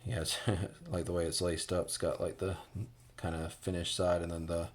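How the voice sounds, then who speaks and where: A man's voice: low voice, completely flat delivery, moderate pace. An American man giving a casual boot review, rambling with many fillers and restarts.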